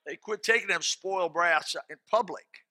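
A male preacher with a fairly high, very bright and cutting voice, heard close and completely dry. He preaches in a folksy, animated way, with plain colloquial speech and sudden loud shouts. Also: moderate pace, dry recording. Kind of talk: sermon with closing prayer.

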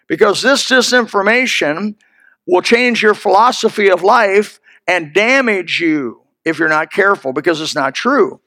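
A man delivering a sermon with a fairly high voice, folksy and emphatic as he presses his points home. The sound is dry and close, with no room echo around him. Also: animated, unhurried, sharp tone. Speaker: preacher.

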